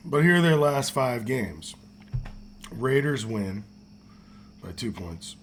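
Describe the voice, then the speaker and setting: A man co-hosting a casual sports talk show, with dry jokes and halting restarts. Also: mid-range voice, big pitch swings, a bit bright, a little hiss or hum. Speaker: podcast co-host.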